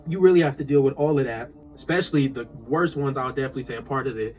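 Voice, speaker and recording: A man telling comedic retail stories in an exasperated, animated rant, speaking straight to his viewers. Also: mid-range voice, quick pace, soft background music. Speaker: vlogger.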